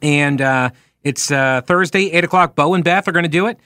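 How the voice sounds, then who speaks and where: A man's voice: on the high side, normal speed, pushed and bright, no echo, studio quality. A man with a slightly nasal voice and a Long Island accent, talking as a radio talk show host in a chatty, rambling way with wry asides. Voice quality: a little nasal. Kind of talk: casual talk radio monologue. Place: radio studio. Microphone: studio microphone.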